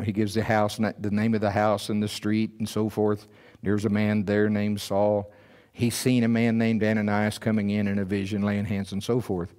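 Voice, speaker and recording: A man preaching a sermon in a church, acting out scared Bible figures in a high, strained voice. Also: darkish tone. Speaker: pastor. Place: church sanctuary.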